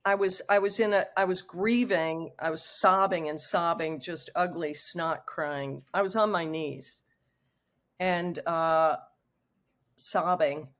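A woman's voice: on the low side, takes it slowly, a bit bright. A woman in her sixties telling a personal story frankly and with emotion as a guest on a video call. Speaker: guest author.

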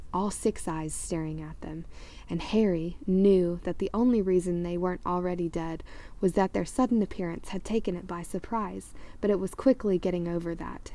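Woman audiobook reader, low, mellow, animated storytelling. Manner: lively read-aloud with small slips corrected. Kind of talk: storybook read-aloud narration.

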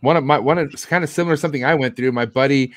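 A man's voice: mid-range voice, racing, slight background noise. A man hosting a podcast, telling a casual story with lots of swearing. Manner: animated, swearing anecdotes. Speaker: podcast host. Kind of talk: casual chat.

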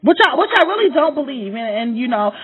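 The sound is tinny and phone-like as a woman vlogger launches into an impassioned, profane direct-to-camera rant, repeating lines to drive them home. She talks quickly in a high, very animated, breathy voice.

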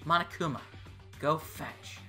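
A woman's voice: sits low, measured pace. A woman voicing a blunt, exasperated young male student working out a murder case. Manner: blunt, deadpan reasoning. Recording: background game music.

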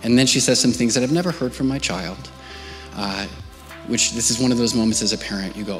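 A man preaching a storytelling sermon as a pastor. He speaks conversationally, keeps checking in with his listeners, and sinks to a soft, hushed voice at tender points. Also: mid-range voice, a little fast, faint music behind. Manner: conversational, often checking in with "right?" and "okay?". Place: church service.

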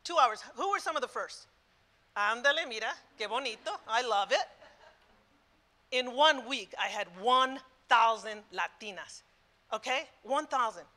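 A woman's voice: a little high, lively intonation, a little slow, sharp tone. A woman in her sixties giving a passionate conference talk to an audience, emphatic and repetitive, mixing English and Spanish phrases. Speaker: conference speaker. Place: conference room before an audience.

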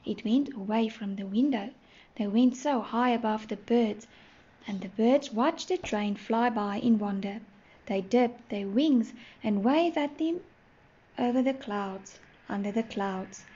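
A woman teacher reading a storybook aloud to toddlers, gentle and clear. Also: on the high side. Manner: gentle, slow, clearly sounding out words. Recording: muffled, faint hiss.

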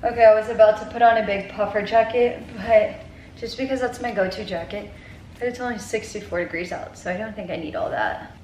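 A young woman rambles through a casual home vlog, swearing freely and chatting to herself as she goes. Her voice sits at an ordinary pitch. The room rings audibly around her. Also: fairly even intonation, brisk, darkish tone, a little hiss or hum. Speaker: vlogger. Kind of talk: casual vlog self-talk. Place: at home, indoors. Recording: roomy indoor sound.

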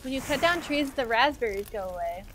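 Lively, high-voiced woman streaming a game. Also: fairly quick, a little hiss or hum. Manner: thinking aloud, playful and teasing. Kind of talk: live-stream gameplay chat.

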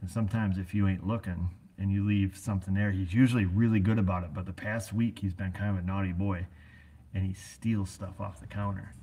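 A man's voice: low-pitched, little pitch movement, fairly quick, warm tone, breathy edge. A middle-aged American man who runs an auto repair shop, chatting casually in a folksy, rambling way full of fillers. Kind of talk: casual rambling vlog chat.

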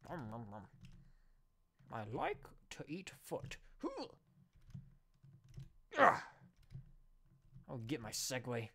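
A man's voice: medium pitch, wildly swooping pitch, slow pace, vocal fry, long pauses, sharp tone, a little hiss or hum. A man giving casual let's play commentary, joking, talking to the game and bursting into sudden exclamations.

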